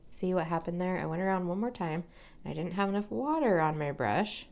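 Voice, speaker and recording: A young woman chatting casually while she paints, soft-spoken and often slipping into a whisper as she works. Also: lowish voice, expressive, a little fast. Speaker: watercolor crafting vlogger.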